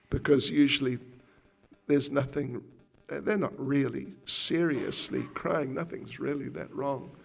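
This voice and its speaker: A man giving a storytelling lecture to devotees as a spiritual teacher, animated and acting out the voices in his stories. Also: mid-range voice, gravelly, husky.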